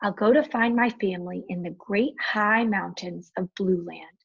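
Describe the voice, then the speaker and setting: A woman voicing a gentle, shy young male dragon in a storybook reading, speaking softly and tenderly. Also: medium pitch, moderate pace, gravelly, husky, no room sound, muffled recording. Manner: soft, tender, a little tearful.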